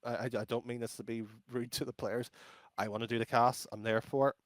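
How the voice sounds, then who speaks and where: An Irish esports caster, a guest on a podcast, chats bluntly in a casual interview. His mid-range voice is level and a little fast, and he rambles with lots of fillers and restarts. The recording is dry.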